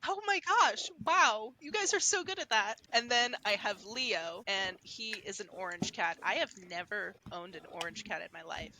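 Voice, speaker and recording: A woman's voice: medium pitch, animated, normal speed, few pauses, pushed and bright, slight background noise, rough recording. Chatty woman talking about her pets. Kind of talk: casual chat about pets.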